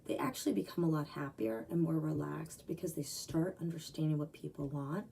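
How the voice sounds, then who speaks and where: Blunt woman dog trainer, mellow voice. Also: sits low, moderate pace, vocal fry, few pauses, husky, distant mic, low-quality recording. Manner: blunt, opinionated, conversational. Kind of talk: direct-to-camera advice talk.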